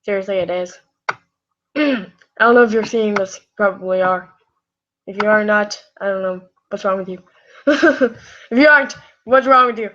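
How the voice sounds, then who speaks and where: On a live stream, a tired woman with a scratchy throat casually reads fan fiction aloud, giggling, rambling, and tossing in apologetic asides. Her medium-pitched, slightly bright voice moves at a moderate pace with frequent pauses, in muffled lo-fi audio.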